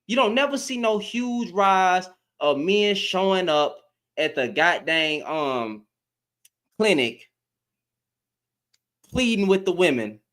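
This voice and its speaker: An exasperated man rants through a live stream, his voice a little higher than most and swinging widely in pitch. He hammers the same phrases again and again and swears as he talks. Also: lively intonation, slow, pauses often, a bit bright. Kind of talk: heated commentary.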